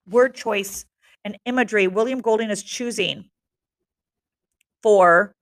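A woman's voice: mid-range voice, slow pace. Woman teacher reading a novel aloud.

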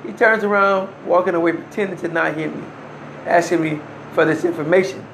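High-voiced man telling his story. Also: steady tone, brisk, creaky, a bit bright, slight background noise. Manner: earnest, emphatic, with short restarts and wry laughs. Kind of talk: personal first-person storytelling. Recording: roomy echo.

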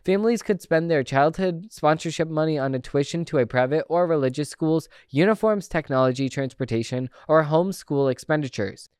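A man with a somewhat high, resonant voice reads political news aloud on his podcast. He trips over a word here and there and breaks off into casual, opinionated commentary. The sound is dry, with no room echo. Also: fairly quick, hardly any pauses, darkish tone, clear, resonant tone. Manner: opinionated, conversational asides between read passages; stumbles and restarts words when reading. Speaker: podcast host.

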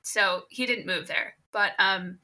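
A woman's voice: mid-range voice, measured pace, bright, forceful tone. A woman co-hosting a podcast, telling a family story in amused, casual chat. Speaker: podcast co-host.

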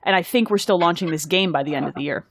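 A woman's voice: fairly low pitch, fast, no room sound, studio quality. A woman co-hosting a podcast in casual chat, teasing and laughing often. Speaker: podcast co-host.

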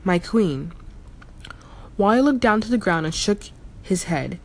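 A woman's voice: medium pitch, big pitch swings, moderate pace. A woman reading a fantasy story aloud as narrator, telling it steadily with the odd slip and retake. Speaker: audiobook narrator.

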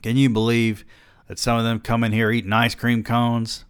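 A man voicing a gruff, impatient male bookstore owner with a raised, barking delivery. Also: mid-range voice, monotone, normal speed, pitched above the performer's own voice, close to an everyday voice. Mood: gossipy.

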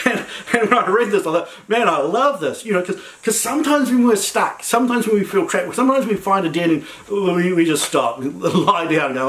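A man delivers a sermon in a relaxed, conversational way, stumbling over and repeating words as he builds his points. His voice sits a little on the high side, and he leans into key lines with lively emphasis. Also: a little slow, rough recording. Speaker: preacher.

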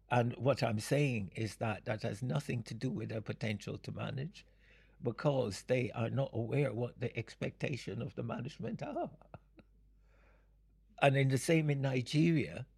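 An older man speaks in a deeply gravelly, very husky voice, with a rough edge running through his words. He answers audience questions slowly and haltingly, often stopping for a small chuckle. His pitch sits at an ordinary level. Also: a little mellow. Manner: unhurried, halting, explanatory, chuckles between points. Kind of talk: Q and A talk.

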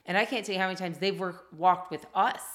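A woman's voice: on the low side, fast, fairly bright tone. A middle-aged woman in casual podcast chat, telling heartfelt family stories in an earnest way. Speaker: podcast co-host.

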